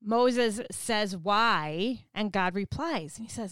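Woman Bible teacher, smooth voice, a bit high, chatty, animated. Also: moderate pace, no echo. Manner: chatty, laughs often, animated paraphrase.

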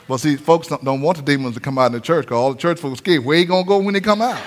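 A man with a high, bright voice preaches a sermon. He drives his points home with rising sing-song cadences and sudden shouted lines. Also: animated, racing, few pauses. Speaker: pastor.

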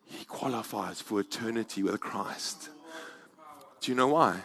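A man's voice: lowish voice, unhurried, creaky. Dynamic male preacher. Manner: dynamic preaching, swings from quiet to loud climaxes. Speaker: pastor. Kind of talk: sermon. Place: church.

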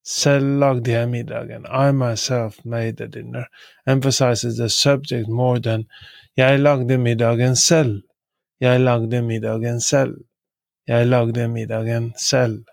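A man teaching a language lesson, repeating each example word three times in a measured way with occasional fillers. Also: mid-range voice, flat delivery, vocal fry, no echo. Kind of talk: slow repetitive lesson.

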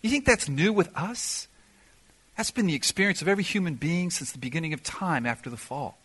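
A man's voice: a little high, expressive, brisk, fairly bright tone, slightly rough. A man preaching a sermon in an auditorium, emphatic, firing off rhetorical questions and answering them himself. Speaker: pastor.

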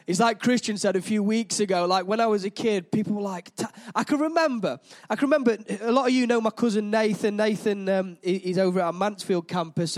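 High-voiced chatty young preacher man. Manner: lively, chatty and self-deprecating with the congregation. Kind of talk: sermon.

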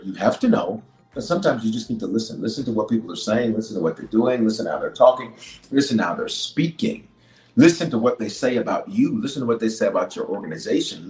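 A man preaching a sermon as a bishop, swinging from loud declarations to hushed lines and repeating phrases for emphasis. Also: on the low side, reverberant, rough recording.

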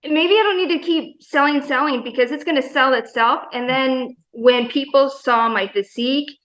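Brief: excitable mom-of-four guest, woman, slightly high pitch, lots of "you know" and "like". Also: moderate pace, low-quality recording. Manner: enthusiastic, rambling with many fillers. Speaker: guest, gym member. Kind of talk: casual interview chat.

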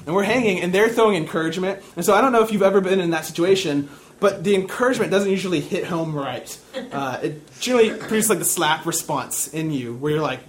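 A man's voice: high-pitched, animated, fast, slight background noise. Casual young man preaching. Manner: casual storytelling, self-deprecating. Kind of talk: sermon with personal story.

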